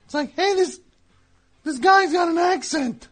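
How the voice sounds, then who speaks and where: Faint music plays as a man voices the recurring squirrel comic, a hacky and touchy male character, in a radio studio comedy bit. The very high-pitched, slightly bright voice is measured in pace, trading in corny jokes, wisecracks and self-pitying grumbling.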